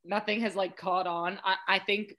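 A young American woman in a casual interview, answering in a relaxed, rambling way with hesitant fillers. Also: medium pitch, moderate pace, a little hiss or hum. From United States. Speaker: guest, athlete.

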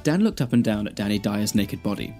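A man's voice: on the low side, brisk, soft background music. A man, a podcast co-host, reading a fan fiction aloud. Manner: deadpan reading, breaking into laughter.

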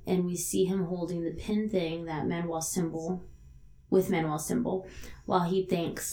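A woman co-hosting a casual chat, recapping a drama episode in a relaxed way with casual swearing. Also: lowish voice, a little slow. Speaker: podcast co-host recapping a TV drama.

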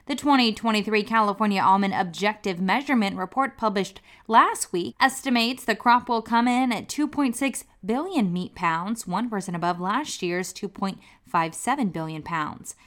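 A woman's voice: mid-range voice, moderate pace, few pauses, fairly bright tone. Upbeat woman reading radio news.

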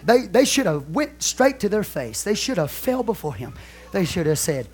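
A middle-aged man preaching with fervent conviction, driving his points home through repetition. His voice sits notably high for a man. He speaks as a pastor addressing his congregation. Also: big pitch swings, moderate pace, soft background music. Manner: fervent, emphatic preaching with repeated phrases. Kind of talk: sermon.

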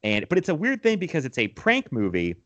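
A man's voice: fairly high pitch, wildly swooping pitch, brisk. A young man co-hosting a podcast, chatting casually about movies, rambling with restarts and laughing often. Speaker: podcast co-host.

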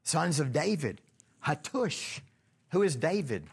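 A man's voice: on the high side, sing-song, takes it slowly, creaky, slightly rough. Male Bible study leader, conversational, questions the group, frequent restarts. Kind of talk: casual Bible study discussion.

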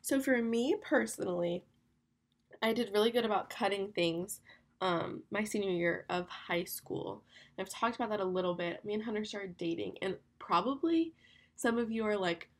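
Young woman podcast host, creaky and husky, candid chatty delivery. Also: mid-range voice. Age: young adult. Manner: chatty, candid, fast with lots of "like". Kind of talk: casual solo podcast talk.

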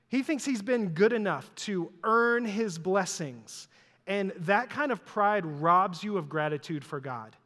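High-voiced man preaching in a reverberant hall. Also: a bit bright. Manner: conversational storytelling, self-deprecating. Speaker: pastor. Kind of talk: sermon.

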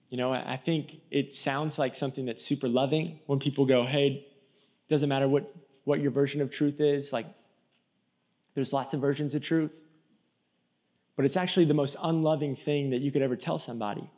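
A male pastor from Florida preaching an energetic, emphatic sermon to a live church audience, with storytelling asides. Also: mid-range voice, vocal fry. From Florida, USA.

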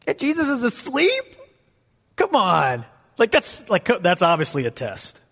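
Animated preacher in an echoing hall. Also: male voice, high-pitched, a little slow, vocal fry, husky. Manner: animated, conversational preaching with rhetorical questions. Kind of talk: sermon.

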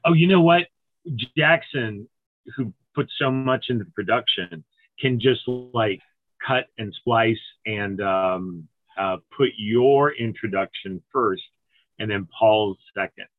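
A man hosting a podcast in casual, joking chat, halting with fillers. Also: fairly low pitch, no room sound, phone-quality sound. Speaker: podcast host.

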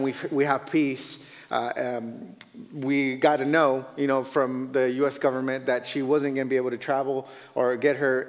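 A male missionary pastor greets a church congregation in a chatty, joking way with many fillers. He says he is cold and his voice sounds a little shaky. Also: medium pitch. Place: church sanctuary. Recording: long hall reverb.

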